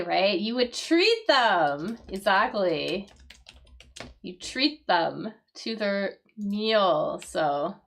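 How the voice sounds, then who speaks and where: Woman English teacher, slow and patient, lots of "right?" checks, live-stream lesson. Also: fairly low pitch, expressive. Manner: explains slowly with frequent "right?" checks and fillers.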